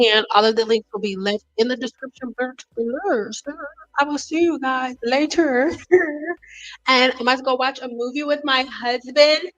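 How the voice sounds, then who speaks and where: A young woman hosting a hair care live stream, chatting with viewers in a loud, playful way. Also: mid-range voice, rough recording. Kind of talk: casual live-stream chat.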